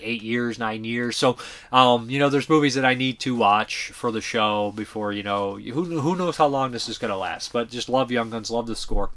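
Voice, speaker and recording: A man's voice: mid-range voice, sharp tone. A man hosting a casual movie review show, rambling enthusiastically, swearing freely and trailing off as he searches for words. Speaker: movie reviewer and channel host.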